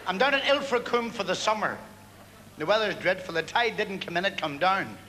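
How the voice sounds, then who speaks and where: A male stand-up comedian rattling off one-liners with pauses for punchlines, performing on a large theatre stage. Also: high-pitched, animated. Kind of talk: stage stand-up at a variety gala. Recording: archive theatre recording with long hall echo and hiss.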